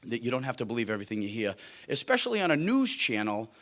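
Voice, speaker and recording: This guest speaker, a middle-aged Cape Cod man with a Boston accent that drops his R's, delivers a jokey, self-deprecating keynote in a luncheon hall before an audience. His mid-range, slightly bright voice is fast, with huge swings in pitch.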